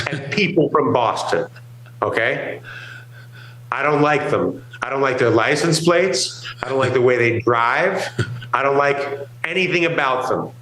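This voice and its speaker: A man's voice: medium pitch, takes it slowly, fairly bright tone, reverberant, slight background noise, poor audio. A man from New York co-hosting a talk show, rambling emphatically and acting out what other people say. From New York, USA. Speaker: co-host. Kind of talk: casual market talk show banter.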